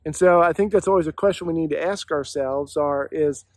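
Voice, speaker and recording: Guy pastor doing a reflective devotional talk, kinda higher voice, dry close sound. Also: brisk, no echo. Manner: earnest, reflective, posing questions to listeners.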